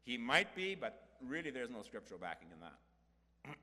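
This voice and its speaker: A man's voice: mid-range voice, sing-song, moderate pace, sharp tone. An older man preaching a sermon in a church hall, earnest and folksy, building to emphatic peaks.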